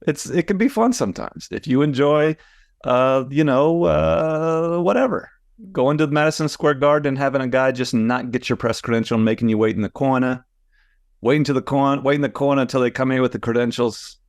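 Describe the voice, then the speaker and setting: A man's voice: medium pitch, level tone, a little fast, dry recording, clean studio sound. A man co-hosting a casual podcast as a sports columnist, joking wryly and laughing as he talks. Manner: joking, wry, laughs while talking.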